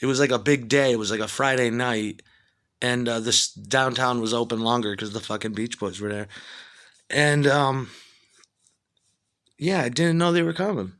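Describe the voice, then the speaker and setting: Male musician, mid-pitched, swearing and rambling through a casual anecdote. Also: normal speed, pauses often. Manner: profane, rambling, excitable when retelling. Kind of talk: casual storytelling monologue.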